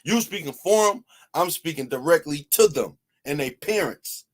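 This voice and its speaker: A man's voice: fairly high pitch, expressive, moderate pace. Man pushing back in reaction commentary. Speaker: host reacting to a clip.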